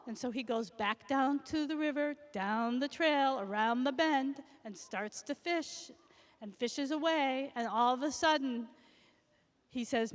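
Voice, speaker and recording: A woman reading a storybook aloud to young children in a slow, expressive, sing-song manner. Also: high voice. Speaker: guest story reader. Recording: echoey school hall.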